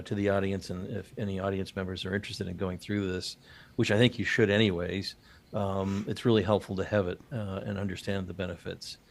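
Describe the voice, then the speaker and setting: A man hosting a business podcast, chatting casually and joking, with many fillers and restarts. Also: low-pitched. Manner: rambling, jokey, many fillers. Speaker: podcast host.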